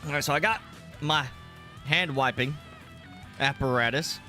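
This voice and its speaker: A gaming streamer chats loosely during a live game, rambling while he eats spicy food and coughing now and then. His voice is a little high, a little slow, and pushed and bright. Faint music plays behind him.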